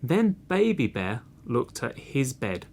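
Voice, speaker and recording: A man narrating a children's storybook in an expressive, deliberate read. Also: mid-range voice, vocal fry, slight background noise. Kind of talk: slow storybook reading.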